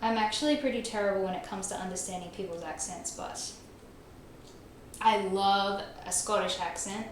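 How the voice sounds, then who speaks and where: In a very echoey room with faint background noise, a young woman streams a game and talks casually with chat. She speaks at normal speed in a mid-range voice, laughing a lot and mocking herself.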